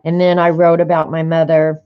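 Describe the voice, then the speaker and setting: Older woman, casual rambling chat, lowish voice, slightly muffled lo-fi recording. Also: completely flat delivery, moderate pace, clean tone. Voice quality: chatty, rambling, warm-hearted reminiscing. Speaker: art vlogger. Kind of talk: casual chat while flipping through journal pages. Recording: slightly dull lo-fi sound.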